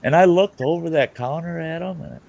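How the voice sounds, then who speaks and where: A man hosting an online hangout, telling a story casually, cursing freely and getting loud and heated. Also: on the high side, normal speed, creaky, a little hiss or hum. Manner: animated, profane, grows loud and heated. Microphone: online call.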